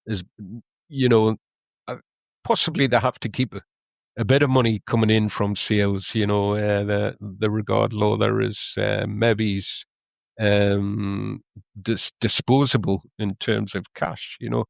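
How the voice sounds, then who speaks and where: A man's voice: fairly low pitch, clean tone, dry recording. Hesitant, rambling man. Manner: rambling, many ums and restarts. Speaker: podcast co-host, club historian. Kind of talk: casual podcast chat.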